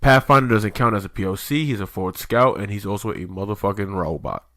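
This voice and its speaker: A man's voice: fairly low pitch, quick pace, a bit bright, no room sound, studio quality. A man co-hosting a podcast in loose casual chat, rambling with lots of fillers and swearing. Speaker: podcast co-host.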